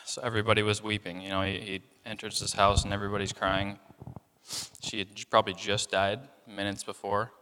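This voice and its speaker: This young preacher's sermon is relaxed and chatty, his lowish voice leaning on fillers as he slips into the voices of people in the story. He talks fairly quickly, the room leaves a long reverb, and there's a little hiss or hum.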